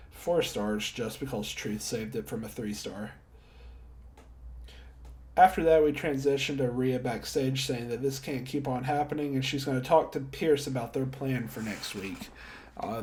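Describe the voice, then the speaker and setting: A man's voice: medium pitch, darkish tone. A young man casually recapping a wrestling episode and giving star ratings, chatty and self-deprecating, laughing at himself often. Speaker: wrestling show reviewer.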